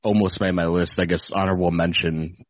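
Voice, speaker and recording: A man's voice: deep voice, little pitch movement, a little fast, no room sound, dull audio. A man hosting a podcast in a loose, chatty way, swearing freely. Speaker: podcast host. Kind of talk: casual chat.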